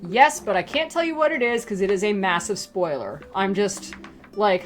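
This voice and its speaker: A woman's voice: mid-range voice, animated, brisk, soft background music. A woman casually chatting through reader questions about her comic, rambling with lots of fillers and asides. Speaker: webcomic creator answering reader questions. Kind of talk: casual Q and A chat.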